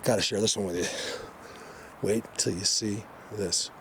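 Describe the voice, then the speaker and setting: Out in the woods, a man with a lowish, slightly bright voice vlogs an excited hike, rambling emotionally to the camera and restarting often. His tone stays steady and his pace measured, with slight background noise.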